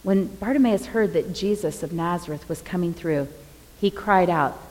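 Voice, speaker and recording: A woman's voice: on the low side, moderate pace. Woman preaching in a reverberant hall. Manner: expressive, dramatic retelling of scripture. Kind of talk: sermon.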